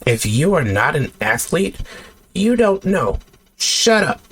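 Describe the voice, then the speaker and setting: A man's voice: on the high side, sing-song, a little slow, slightly rough, no room sound. A man delivering a heated sports rant to camera, exasperated and sarcastic, with blunt outbursts. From United States. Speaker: sports vlogger.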